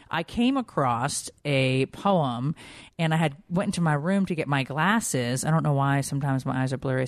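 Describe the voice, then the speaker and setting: A podcast host in her forties from Connecticut has a very deep voice, captured in a dry recording. Her casual chat rambles and turns emotional, packed with fillers.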